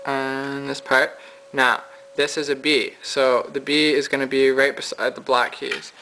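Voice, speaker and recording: A man teaching a casual piano lesson, talking in a relaxed, low-energy way as he thinks aloud while losing his voice. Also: a little slow, a little hiss or hum, rough recording. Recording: piano playing behind.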